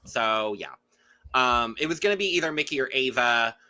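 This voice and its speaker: Give me a casual male podcast host with a sharp, bright voice. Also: medium pitch, animated, moderate pace. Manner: loose, filler-heavy, blunt. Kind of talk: casual chat.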